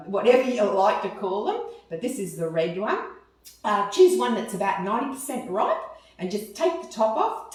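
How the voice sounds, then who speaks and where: A cheerful Australian woman talks through a meal step by step, her pitch rising and falling a lot. She is recorded from a distance in a very echoey room. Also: darkish tone. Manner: chatty, cheerful, explains step by step. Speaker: cooking video host. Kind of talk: casual food demonstration. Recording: very echoey room, mic far off.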